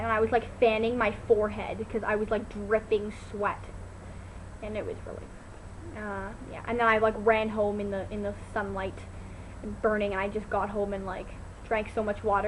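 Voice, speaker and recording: A teenage girl vlogging at home into her laptop, telling a story in an animated, chatty way full of "like" and fillers. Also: medium pitch, fairly quick, slight background noise, low-quality recording. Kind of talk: casual chat to camera. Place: at home, indoors.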